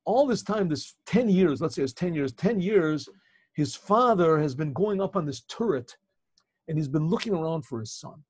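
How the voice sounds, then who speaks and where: A man, a rabbi and teacher, telling a story in an animated way, often restarting and repeating phrases, over a video call. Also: fairly high pitch, gravelly, husky, dry recording. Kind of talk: storytelling talk.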